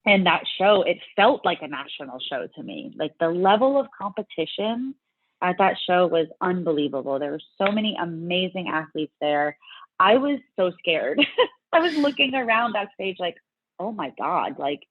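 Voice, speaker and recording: A woman's voice: fairly low pitch, expressive, normal speed, dry recording. A middle-aged woman from the US South, a guest in a casual interview, chatting and acting out her own past reactions in quotes. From Louisiana, US South. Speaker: interview guest, fitness competitor. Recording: dry, tinny phone-like line.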